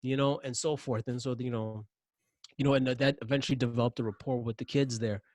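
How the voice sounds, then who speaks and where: Male interview guest, lively storyteller, close dry mic, average pitch. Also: a little fast, dry recording. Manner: animated, acts out yelling in anecdotes. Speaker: podcast guest.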